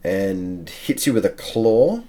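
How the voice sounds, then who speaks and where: Slow, deep-voiced male game master. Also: very animated, dark tone. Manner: measured, counting out moves step by step. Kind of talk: narrating a tabletop game.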